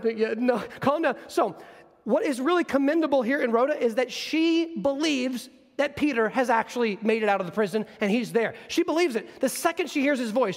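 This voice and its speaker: A man preaching a sermon, teaching from scripture in an animated storytelling manner. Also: very high-pitched, big-room sound. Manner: animated, storytelling, acts out scenes.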